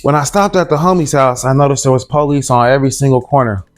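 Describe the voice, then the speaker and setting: A man's voice: medium pitch, fast talker, faint music behind. A man telling a story in a loose, slangy way, keeping his listener on board with the same tag line as he goes and acting out the other people in it. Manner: slangy, animated, acts out the voices of others. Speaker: interviewee. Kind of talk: casual storytelling.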